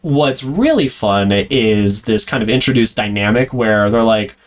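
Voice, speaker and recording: A man's voice: fairly low pitch, expressive, measured pace, few pauses. A man co-hosting a podcast in casual chat, rambling with plenty of fillers and frequent laughs. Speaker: podcast co-host.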